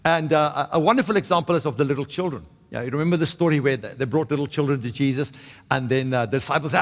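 A man's voice: medium pitch, quick pace, big-room sound. A man preaching a sermon in a conversational way, often checking in with "right?" and restarting his sentences. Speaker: pastor.

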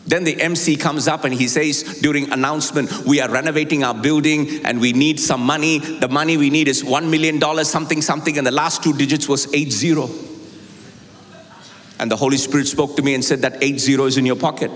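A man preaching a sermon, telling a personal story and moving from quiet, confiding passages to high, impassioned climbs. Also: fairly even intonation, a little fast. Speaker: pastor. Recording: long hall reverb.

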